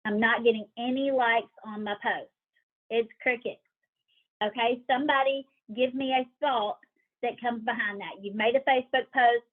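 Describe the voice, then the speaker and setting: A woman leading a motivational team call, talking lively, acting out worried inner voices and asking her group questions over a call line. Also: on the high side. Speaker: team leader coaching a sales team. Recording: tinny phone-like call audio.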